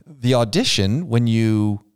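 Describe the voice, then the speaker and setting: A man's voice: medium pitch, lively intonation, takes it slowly, darkish tone, smooth. A man chatting casually on a podcast, playful and teasing, eager to egg his co-host on. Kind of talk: casual chat.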